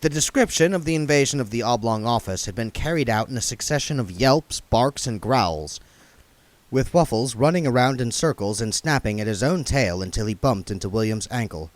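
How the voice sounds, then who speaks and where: A man reading a novel aloud with expressive narration. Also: mid-range voice, moderate pace, no echo. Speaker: audiobook reader. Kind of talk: book read aloud.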